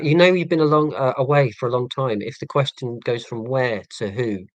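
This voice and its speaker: A man in his forties, from northeast Scotland, hosts a casual live stream and chats through viewer comments. He rambles with frequent ums and restarts, pokes fun at himself, and speaks at a middle pitch. The recording is dry and close, with almost no room sound. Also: brisk, hardly any pauses, no echo. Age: 40s. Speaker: livestream host.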